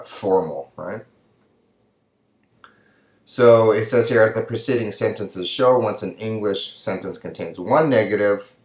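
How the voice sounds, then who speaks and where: A man's voice: deep voice, echoey room. A man teaching a recorded lesson over slides. He explains patiently and keeps checking with "right?". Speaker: Spanish teacher.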